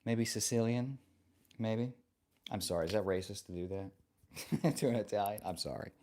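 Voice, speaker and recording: A man's voice: low voice, brisk, dark tone. A man hosting a casual live stream, reading viewer comments aloud and answering them in a playful, joking and affectionate way.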